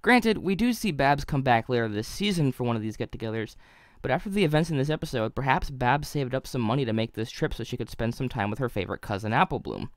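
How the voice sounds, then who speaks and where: A man's voice: medium pitch, expressive, fast talker, no room sound. A young man reads a scripted video review in a middle-range voice, analytical and dotted with wry asides. The recording is dry and close, with no room sound.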